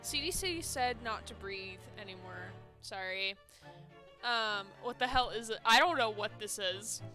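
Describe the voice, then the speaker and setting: A young woman streams a game from home on a headset mic, chatting casually, laughing often and poking fun at herself. Her mid-range voice is a little slow, and music plays in the background.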